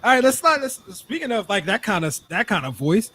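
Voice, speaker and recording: A man's voice: high-pitched, a little fast, slightly rough. A man hosting a casual sports podcast, hyped and profane as he polls his co-hosts. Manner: animated, hype, profane. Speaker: podcast host.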